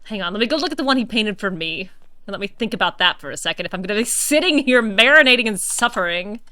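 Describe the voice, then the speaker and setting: A woman's voice: medium pitch, animated, fast talker, sharp tone, no room sound. A woman streamer chatting casually over her gameplay, musing aloud and slipping into playful mock outrage. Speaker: let's-play streamer.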